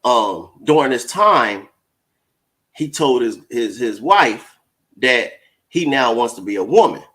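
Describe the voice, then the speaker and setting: A man's voice: medium pitch, lively intonation, slow, a bit bright. A man co-hosting a casual chat show, talking emphatically and laughing often. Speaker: co-host.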